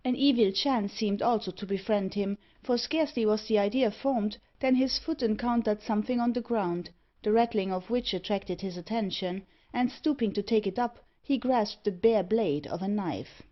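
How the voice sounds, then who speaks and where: A woman narrating a gothic novel audiobook in a steady, even storytelling manner. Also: medium pitch, moderate pace, few pauses, lo-fi sound.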